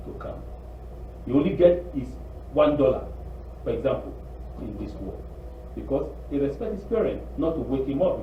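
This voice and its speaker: A man preaching a sermon in an animated, pleading way, acting out quotes. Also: mid-range voice, recorded from a distance, a little hiss or hum. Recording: tinny echoey room recording from afar.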